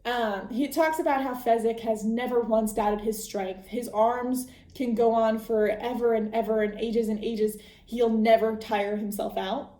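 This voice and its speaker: A woman's voice: fairly high pitch, steady tone, measured pace, few pauses, mellow, echoey room. A young adult woman hosting a podcast, chatting casually through a book recap, laughing often and full of fillers. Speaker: podcast host.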